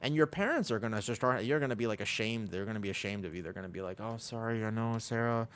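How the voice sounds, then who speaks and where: A man's voice: fairly low pitch, animated, rapid-fire, a bit bright. A man streaming a game, chatting casually with viewers in a rambling way. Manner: rambling, lots of "like" fillers. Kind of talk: casual livestream chat.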